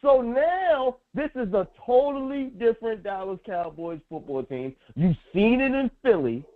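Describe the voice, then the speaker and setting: Loud animated man on a tinny line. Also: extremely high pitch, a little slow. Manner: loud, emphatic, repeats phrases. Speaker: sports show co-host. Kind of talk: animated sports talk. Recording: tinny phone-like audio.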